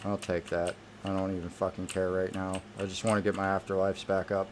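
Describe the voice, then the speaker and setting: A man talks over his gameplay in a fairly low voice, irritated and swearing nonstop. He speaks into a desk microphone with a faint hiss underneath. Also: monotone, brisk. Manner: irritated, heavily profane ranting. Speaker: gamer. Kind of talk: gameplay commentary.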